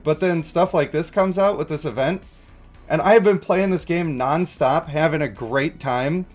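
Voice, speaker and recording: Chatty, slightly high-voiced male streamer. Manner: rambling, chuckling, answering chat. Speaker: mobile game streamer. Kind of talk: casual livestream chat.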